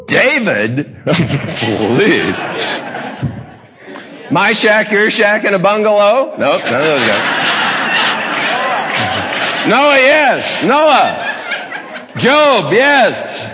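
Joking, folksy preacher in a large hall. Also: male voice, high-pitched, big pitch swings, drawn-out words, long pauses, dull audio, crowd noise. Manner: joking, folksy, storytelling, chuckling asides. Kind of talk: humorous sermon storytelling.

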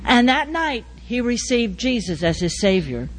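A woman telling a church testimony in an animated way, acting out the people in her story. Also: fairly high pitch, a little slow. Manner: animated, acts out voices.

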